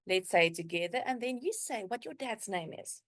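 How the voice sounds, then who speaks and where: A woman teaching a beginner language lesson, drawing out words slowly and clearly for learners to repeat. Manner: slow, drawn-out modeling of words with lively pitch.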